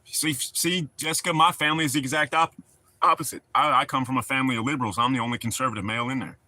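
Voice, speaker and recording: A middle-aged livestream host chats casually with his viewers, rambling in a folksy way and talking to the chat. His medium-pitched voice is fast, steady, and sharp, with no echo.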